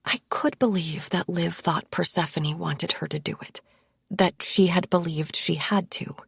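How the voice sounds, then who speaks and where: A woman reading a first-person thriller audiobook in a hushed, tense, low-key manner. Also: fairly even intonation, a little slow, creaky, husky, no room sound, studio quality. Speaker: audiobook narrator.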